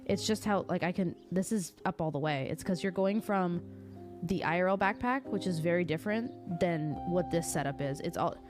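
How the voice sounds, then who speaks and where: A woman streamer is chatting with her live chat over a desktop mic. Her voice sits a little low, and she jokes, teases and reads out messages in a loose, playful way. Clear music plays behind her. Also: moderate pace.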